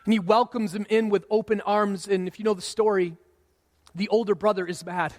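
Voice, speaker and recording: A man in his thirties preaching a sermon in a relaxed, conversational way, sometimes acting out what people say. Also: sits high, brisk. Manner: conversational preaching, acts out quoted voices. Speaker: pastor. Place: church sanctuary. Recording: long hall reverb.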